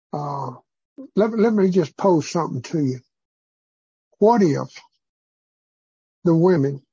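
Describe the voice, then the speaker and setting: Man leading a church group: husky, mellow, rambling preacher style, muffled lo-fi sound. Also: fairly high pitch, dry recording. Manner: rambling, preacherly, with many fillers. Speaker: group leader. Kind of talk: informal church group teaching.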